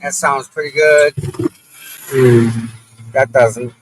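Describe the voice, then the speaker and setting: A man's voice: medium pitch, fairly even intonation, extremely slow, background noise. A man chatting live to his viewers from inside his car, rambling and grumbling at other drivers. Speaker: livestream host. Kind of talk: casual live-stream chat while driving.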